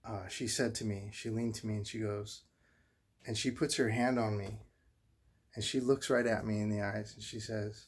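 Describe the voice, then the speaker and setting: A middle-aged man with a low, husky voice speaks straight to his viewers. He talks haltingly and earnestly, circling back and repeating phrases as he recounts a hard time. The delivery is personal and unpolished. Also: steady tone. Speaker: father telling a personal story. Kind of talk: emotional personal monologue to viewers.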